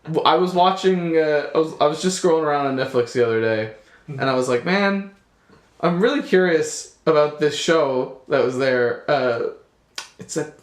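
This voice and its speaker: A man's voice: a little high, normal speed. Rambling young man, echoey room. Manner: rambling storyteller, laughs often, swears. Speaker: podcast co-host. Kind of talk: casual chat.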